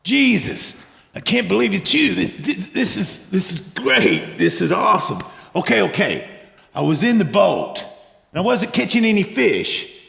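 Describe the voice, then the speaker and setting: A man acting out an excitable, stammering fisherman disciple in a church stage skit. His voice sits high and swings widely, with a gravelly fry underneath. A long, roomy reverb from the church hall surrounds it. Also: full character voice.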